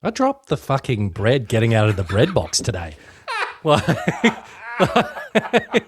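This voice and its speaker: A man's voice: medium pitch, huge pitch swings, slow pace, background noise. A young man co-hosting a podcast, chatting casually with lots of laughter and swearing. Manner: laughs a lot, swears freely, jokey storytelling. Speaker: podcast co-host. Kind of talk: casual chat.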